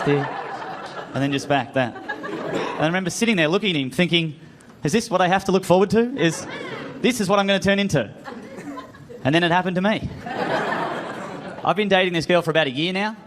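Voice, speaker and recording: An Australian man doing a stand-up comedy set on a club stage, self-mocking and acting out the voices in his stories. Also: high-pitched. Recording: live club audience and room noise.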